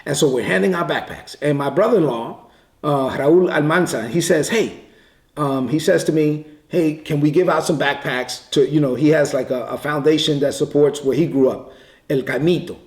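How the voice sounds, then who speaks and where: Preacher guy telling a story, kinda high voice, echoey church room. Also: darkish tone. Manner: conversational, repeats words, quick bursts. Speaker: pastor. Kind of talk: sermon storytelling.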